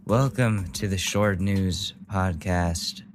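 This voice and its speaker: A man's voice: deep voice, slow, over music. A man hosting a news podcast, ranting angrily and bluntly with lots of swearing. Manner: angry, profane, blunt. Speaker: podcast host. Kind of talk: angry political rant.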